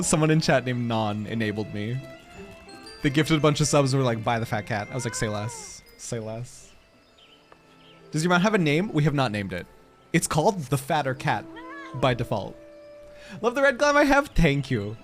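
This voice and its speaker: A man streaming a game, chatting casually with his viewers, laughing often and swearing freely. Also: fairly high pitch. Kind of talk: casual live-stream chat while gaming.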